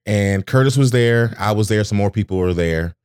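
A man in casual conversation, telling stories with animated, acted-out quotes. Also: normal speed, clean tone, no echo, clean studio sound. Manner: animated storyteller, acts out quotes in a high voice. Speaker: podcast co-host. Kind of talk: casual storytelling chat.

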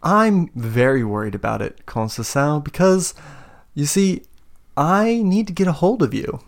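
A menacing female commander speaks with silky, patronizing insistence, as a man puts her on in a raised voice. Her threats come smooth and unhurried in a tabletop game. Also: fairly high pitch, animated, voice pushed up. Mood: silkily menacing.

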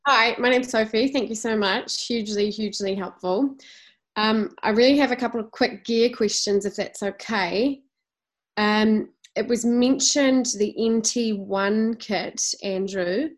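A woman's voice: on the high side, a little slow. Polite woman from New Zealand. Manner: polite, a little tentative. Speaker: caller asking questions. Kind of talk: webinar question. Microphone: video call.

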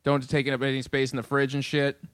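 A man's voice: medium pitch, completely flat delivery, fairly quick, fairly bright tone, no echo, clean studio sound. A man, a guest comedian in casual chat, laid-back and joking. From Andover, Massachusetts. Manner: laid-back, joking, says dude a lot.

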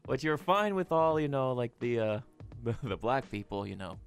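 Lively low-voiced man bantering on a podcast. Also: normal speed, clean tone, faint music behind. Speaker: podcast co-host.

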